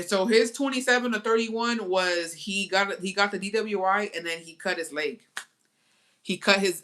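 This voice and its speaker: A woman talks to her viewers in a casual, unfiltered way. Her voice is bright and forward, with a mid pitch for a woman. She swears freely, switches into Spanish mid-sentence, and acts out little scenes as she tells them. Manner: profane, blunt, mixes Spanish into English; animated storytelling with theatrical asides. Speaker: vlogger.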